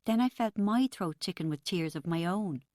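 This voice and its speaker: A woman reads a first-person audiobook in a measured, intimate way. Her voice sits on the low side, and the close, dry recording carries no room sound. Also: expressive, darkish tone, no room sound. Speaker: audiobook narrator.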